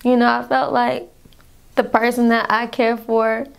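A woman's voice: on the high side, flat delivery, unhurried, creaky, clear, resonant tone. A young woman telling a painful personal story to her viewers in a vlog, rambling, calling them y'all, fighting back tears. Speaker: vlogger.

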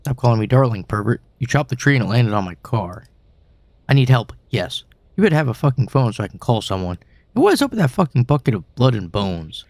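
A man's voice: mid-range voice, big pitch swings, fairly quick, creaky, darkish tone, no room sound. A man voicing an irritated young woman stranded at a cemetery, blunt and cursing. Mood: angry.

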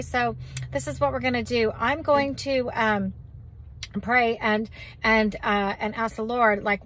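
A woman's voice: fairly high pitch, a bit bright, low-quality recording. A woman giving a casual spoken teaching on hearing God, chatty and loose with fillers and restarts. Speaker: Christian teacher on prophecy.

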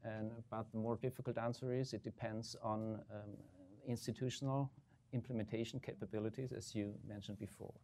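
A man answering questions as a government state secretary on a panel, measured, with frequent ums and uhs. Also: lowish voice, steady tone, mellow, a little hiss or hum. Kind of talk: panel discussion remarks.

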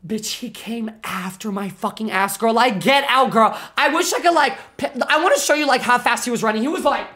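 A young woman streamer telling a story to her chat, animated and full of swearing and fillers. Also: a little high, a little fast, few pauses. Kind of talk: casual storytelling to a live chat.

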